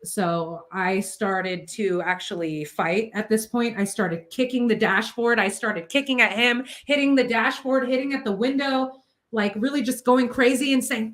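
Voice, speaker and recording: A woman's voice: on the high side, unhurried, fairly bright tone. A woman vlogger recounting a personal story in a casual, emotional way, with a lot of filler words. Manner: emotional, tumbling, filler-heavy retelling.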